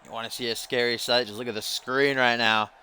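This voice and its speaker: Guy doing goofy play by play on a wrestling game, bright sharp voice, jokes around a lot. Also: medium pitch, fairly even intonation, brisk, clear, resonant tone. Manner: joking, rambling, playful asides. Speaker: commentator of a video game wrestling league. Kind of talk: play-by-play commentary over gameplay.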